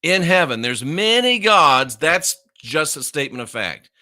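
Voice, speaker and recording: A man's voice: on the high side, very animated, measured pace, pushed and bright. A man teaching scripture in a combative, mocking way, hammering points with emphatic repetition. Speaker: minister. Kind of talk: confrontational Bible teaching.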